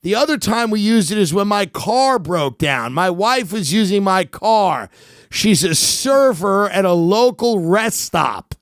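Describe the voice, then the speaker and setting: A man playing a broke, bitter middle-aged father and devoted fan, ranting and working himself up to shouting. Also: sits high, animated, a little slow, no echo, studio quality. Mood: grumbling. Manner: escalating unhinged rant, shouting.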